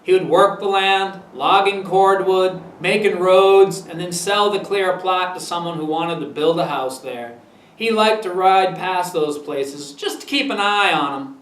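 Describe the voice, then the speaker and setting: A man's voice: high-pitched, a little slow, a bit bright, roomy sound, far from the mic, poor audio. A man with a Maine accent reading his humor book aloud in an easygoing, folksy way. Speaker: storyteller.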